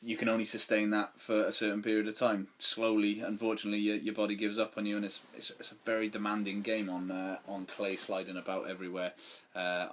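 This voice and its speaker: A man's voice: lowish voice, completely flat delivery, fast talker. A man co-hosting a casual sports chat podcast, talking in a rambling way with many restarts. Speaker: podcast co-host.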